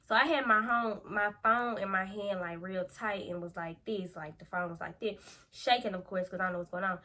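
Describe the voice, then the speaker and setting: Young woman, storytime vlog, slangy animated telling, bright tone. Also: medium pitch, moderate pace. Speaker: vlogger.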